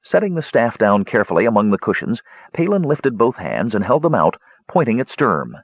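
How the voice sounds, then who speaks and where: Expressive male audiobook narrator, husky. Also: fairly low pitch, a little fast, no echo. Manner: expressive reading with many character voices. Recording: dull lo-fi dry recording.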